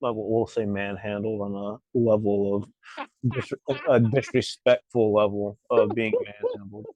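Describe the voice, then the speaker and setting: A man's voice: lowish voice, little pitch movement, a little slow, darkish tone, low-quality recording. A man co-hosting a podcast, speaking in a reflective, hesitant way and searching for his words. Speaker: podcast co-host. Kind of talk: casual chat.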